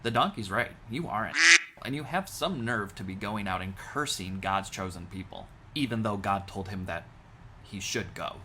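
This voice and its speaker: A man's voice: lowish voice, moderate pace, bright, forceful tone, a little hiss or hum. A man voicing a scolding, exasperated angel.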